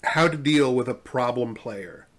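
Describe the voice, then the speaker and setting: A man's voice: medium pitch, measured pace. A man co-hosting a podcast in casual chat, reading memes aloud with a wry, amused manner and frequent laughs. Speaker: podcast co-host.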